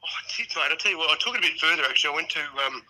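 An Australian man with a very bright, forceful voice that sits a little high. He tells a long yarn in broad slang and laughs his way through it, and he sounds like he is coming in over a call. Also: animated, very fast, rough recording. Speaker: podcast guest. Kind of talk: casual storytelling chat.

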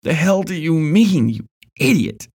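A man's voice: a little high, sing-song, a little slow, creaky, a little mellow, breathy edge, voice pushed up, exaggerated voice. A man voicing a blunt, cursing old man who sounds worn down. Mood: gruff, weary.

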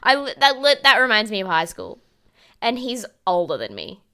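A woman's voice: medium pitch, wildly swooping pitch, moderate pace, pushed and bright, clean tone. A young woman co-hosting a casual recap podcast, rambling with fillers, swearing freely and breaking into laughter. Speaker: podcast co-host.

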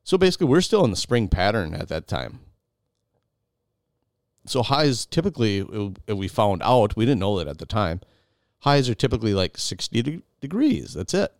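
A man's voice: fairly low pitch, very animated, normal speed, dry recording, clean studio sound. A man hosting, animatedly retelling a dramatic story to his wife with many restarts. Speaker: podcast host.

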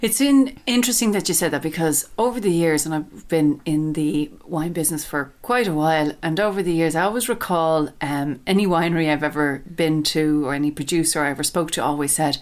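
Lower-voiced woman, thoughtful wine expert. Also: brisk, few pauses. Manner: thoughtful, hesitant with many restarts. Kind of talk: casual chat.

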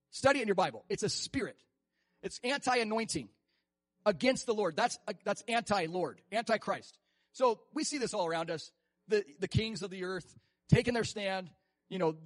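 A male preacher with a high, lively voice that swings widely as he acts out quoted voices and breaks into laughter. The sound is dry and close, with no room in it. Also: dry recording. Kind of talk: sermon.

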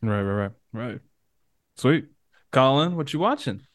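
A man's voice: medium pitch, expressive, unhurried, no echo, studio quality. A man hosting a podcast, talking in a laid-back, upbeat way with slangy phrasing. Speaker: podcast host. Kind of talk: casual chat.

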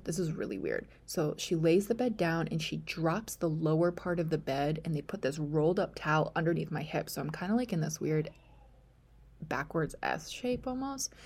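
A woman's voice: lowish voice, a little mellow, breathy edge. A young woman podcast host telling a personal story in a chatty way, full of fillers, sometimes dropping to a whisper.

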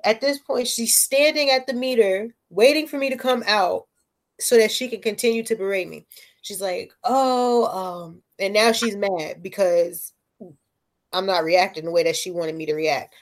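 A woman telling a story in casual chat, animated and profane, often checking in with "right?". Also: mid-range voice, normal speed.

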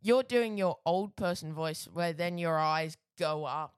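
A woman's voice: on the low side, measured pace, clean tone, no echo, clean studio sound. Playful young woman podcast co-host. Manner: giggly, playful. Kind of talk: casual podcast chat.

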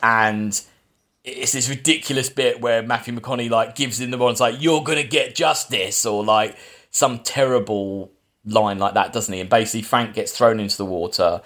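A man's voice: lowish voice, steady tone, normal speed, fairly bright tone. A man, a podcast host casually recapping a film plot, rambling with fillers and restarts. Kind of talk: casual film review chat.

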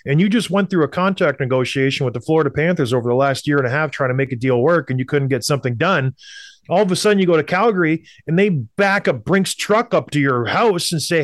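A man's voice: fairly high pitch, animated, fast, no room sound, studio quality. Blunt, emphatic Canadian man. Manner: blunt, emphatic, repeats points for effect. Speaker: hockey podcast co-host. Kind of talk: opinionated sports talk.

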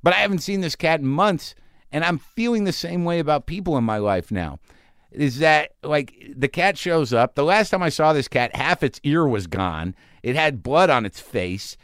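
A man's voice: on the high side, clear, resonant tone, no room sound, studio quality. A middle-aged man hosting a podcast, talking in a rambling, profane, self-deprecating way. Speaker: podcast host. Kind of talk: casual monologue and interview.

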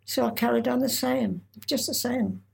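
An older woman recalls her past in an interview, speaking haltingly with frequent restarts and pauses. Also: fairly high pitch, vocal fry. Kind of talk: oral history recollection.

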